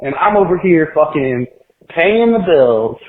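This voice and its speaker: A man's voice: a little high, big pitch swings, a little slow. A man in his twenties calling in with a boastful rant, asking again and again if you know what he means. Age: 20s. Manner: boastful, ranting, keeps saying "you know what I'm saying". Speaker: caller. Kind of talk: casual rant. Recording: tinny phone line, echoey room.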